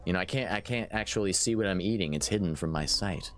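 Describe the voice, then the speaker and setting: A man streaming a strategy game live, commentating in an excitable, jokey way and often restarting his sentences. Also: sits low, quick pace, soft background music. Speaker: gaming streamer.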